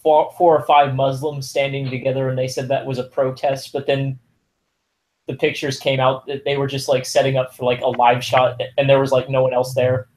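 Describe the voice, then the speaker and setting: A man's voice: medium pitch, monotone, moderate pace, darkish tone, poor audio. A man on a casual chat as a guest, talking with lots of fillers and a joking edge.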